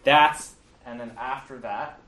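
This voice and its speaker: A man's voice: mid-range voice, fairly even intonation, slow pace, a bit bright, slight background noise. Man explaining the Mass, roomy and distant. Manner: conversational, with fillers and self-corrections. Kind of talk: casual explanatory talk. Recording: roomy, from a distance, faint ambience.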